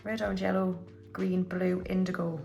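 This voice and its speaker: A woman's voice: fairly low pitch, little pitch movement, normal speed, gravelly, a little mellow, soft background music. Chatty woman counting cash. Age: under 45. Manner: chatty, counts money aloud, asides to viewers. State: slightly unwell, clearing throat. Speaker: budgeting YouTuber. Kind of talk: casual chatty voiceover while counting cash.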